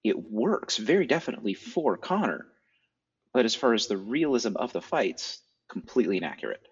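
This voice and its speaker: A man with a low voice, recorded dry and a little muffled on a home setup. He talks through film details in a casual, explanatory way, going on at length about sword styles and old movies. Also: big pitch swings, moderate pace, breathy edge, no echo. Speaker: podcast co-host. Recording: dry, dull lo-fi sound.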